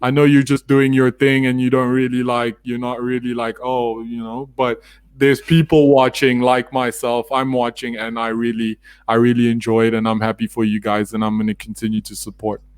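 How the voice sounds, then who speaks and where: A man's voice: medium pitch, level tone, moderate pace, smooth, no room sound. A man guesting on a podcast, talking casually with lots of fillers and restarts. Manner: chatty, many fillers and restarts. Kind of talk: casual chat.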